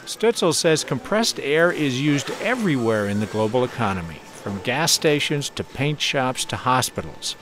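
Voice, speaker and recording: A male radio correspondent reading a scripted news report in a measured, clear delivery. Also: medium pitch, very animated, fairly bright tone, a little hiss or hum.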